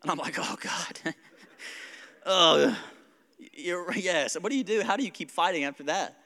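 A pastor preaching an animated sermon, laughing often and acting out his kids. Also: high voice, normal speed, in a large hall.

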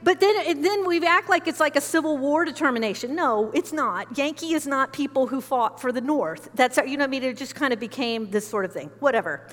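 Woman pastor, high voice, conversational emphatic sermon delivery, reverberant sanctuary. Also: expressive, brisk, hardly any pauses, fairly bright tone. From United States. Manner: conversational, emphatic, frequent asides.

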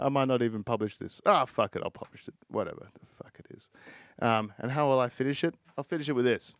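A man's voice: medium pitch, no echo, clean studio sound. A man hosting a solo podcast, talking in a frustrated, rambling way and swearing a lot. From Australia. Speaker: podcast host. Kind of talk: casual solo podcast rant.

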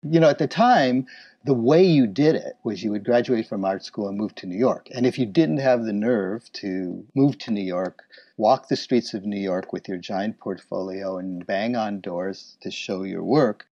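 A man telling stories about his illustration business and acting out remembered conversations in lively voices. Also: lowish voice, normal speed, no room sound. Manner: animated, acts out remembered dialogue. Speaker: interviewee, illustration business owner. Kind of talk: reflective storytelling. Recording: slightly dull, dry recording.

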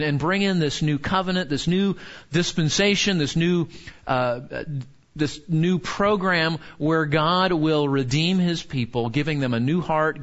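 A man leads a Bible class in an earnest way, with a fairly high voice and many quick restarts as he puts questions to the group. The recording sounds dull and lo-fi. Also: fairly bright tone. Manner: earnest, asks the room questions, frequent restarts. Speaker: pastor or teacher. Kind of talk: interactive Bible teaching.

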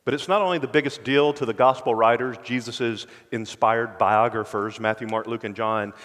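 A man preaching from the pulpit at a middle pitch, earnest and deliberate. He often sinks to a hushed, intense tone to press a point home. His voice rings with a long, spacious reverb. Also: fairly even intonation. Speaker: pastor. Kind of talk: sermon.

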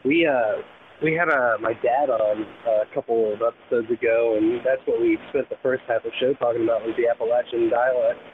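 A man hosting a podcast over a phone line, chatting casually with halting restarts. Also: mid-range voice, steady tone, a little hiss or hum. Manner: halting, many restarts, laughs easily. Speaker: podcast host. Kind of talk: casual chat. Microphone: phone call.

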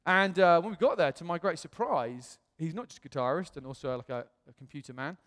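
A man preaching, telling a personal story with animated delivery and self-mocking humor, acting out what others said. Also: fairly high pitch, a little fast. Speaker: pastor. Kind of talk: personal testimony sermon. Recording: long reverb in a hall.

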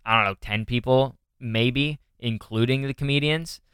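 Rambling young comedian, very smooth voice. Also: male voice, medium pitch, normal speed, fairly bright tone, no echo, clean studio sound. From Northern California. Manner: rambling, lots of "like" and restarts, acts out quotes. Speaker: podcast co-host; stand-up comedian. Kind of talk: casual chat.

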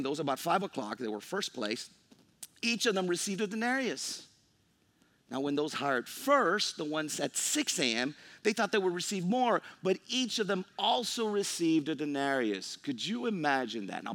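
A male pastor delivers a sermon, alternating scripture reading with lively retellings. His voice sits somewhat high and leaps through a wide, expressive range as he mimics complaining workers. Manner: animated preaching, acts out grumbling workers.

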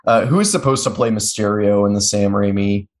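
A man's voice: fairly low pitch, a little fast. A man co-hosting a casual podcast chat, rambling and joking as he describes a show character. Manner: rambling, self-interrupting, jokey. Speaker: podcast co-host.

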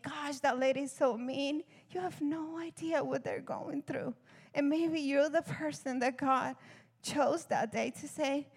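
A woman missionary giving an earnest testimony sermon, laughing often and acting out dialogue. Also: sits high. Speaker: missionary speaker. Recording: long hall reverb.

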